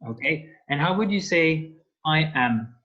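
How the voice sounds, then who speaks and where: A man's voice: a little high, expressive, a little slow. A man with a French accent teaching an online language lesson, explaining patiently with many fillers. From France. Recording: dull lo-fi call audio.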